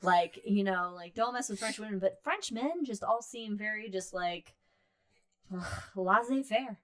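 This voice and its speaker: A woman's voice: mid-range voice, expressive, unhurried, a bit bright. A woman co-hosting a podcast, joking around and rambling with plenty of "like" and "I don't know". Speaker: podcast co-host. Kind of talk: casual chat.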